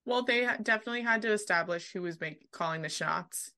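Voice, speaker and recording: A woman co-hosting a casual book podcast, relaxed and laughing often, tossing in quick reactions over a remote call mic. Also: medium pitch. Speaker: podcast co-host. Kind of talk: casual book discussion chat. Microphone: remote call microphone.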